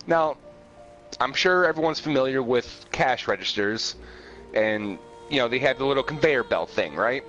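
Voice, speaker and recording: A man's voice: mid-range voice, animated, normal speed, a bit bright, highs cut off, faint music behind. A man co-hosting a podcast, telling a rambling story in casual chat with restarts and laughs. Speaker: podcast co-host. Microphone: home podcast mic.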